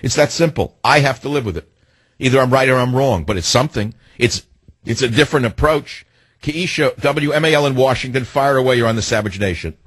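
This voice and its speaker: A man's voice: mid-range voice, brisk, a bit bright, slightly rough, no room sound. A man hosting a talk radio show, ranting in a scornful, combative way and cutting callers off. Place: radio studio.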